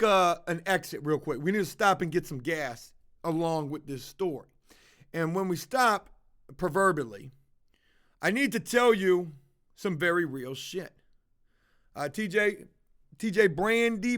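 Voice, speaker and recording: A man with a high, slightly bright voice livestreams a confessional tale to his followers. He keeps it casual and blunt, cursing freely throughout.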